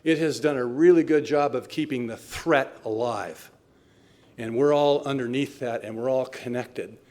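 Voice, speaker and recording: A man's voice: mid-range voice, moderate pace, darkish tone. Wry older man sharing his story. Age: 70s. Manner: wry, self-mocking storytelling. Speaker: recovery meeting speaker. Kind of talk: personal recovery talk.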